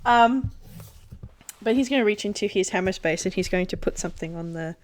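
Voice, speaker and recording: A woman playing a tabletop role-playing game, narrating her character and rolling dice with an animated manner. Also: medium pitch, fairly quick. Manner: animated, laughing, self-correcting. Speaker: tabletop player.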